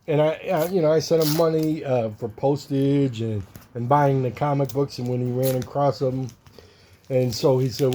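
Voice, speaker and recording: Mellow-voiced man chatting casually about comics. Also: medium pitch, fairly even intonation, moderate pace, a little hiss or hum. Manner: rambling, chuckling, reads cartoon captions in silly voices. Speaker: comic collector vlogger. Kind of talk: casual chat showing artwork and comics.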